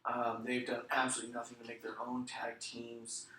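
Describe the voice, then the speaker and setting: A blunt, sarcastic man talks wrestling in casual, profanity-laced chat. His voice is very bright and cutting, and it comes from a little way off the mic in an echoey room with faint noise behind it. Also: medium pitch, completely flat delivery, a little fast, far from the mic. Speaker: podcast co-host.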